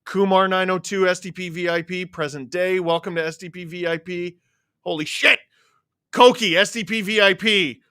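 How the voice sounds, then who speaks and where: Man, live stream host, fast excitable name roll-call, bright tense voice, dry sound. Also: sits high, clear, resonant tone, dry recording. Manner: excitable, swears freely, rattles off names quickly. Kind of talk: live watchalong stream chat, reading out viewer names.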